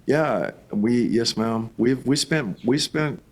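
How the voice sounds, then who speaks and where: Animated male pastor telling stories. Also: medium pitch, slow pace. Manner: animated, acts out quoted voices. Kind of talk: storytelling in an interview.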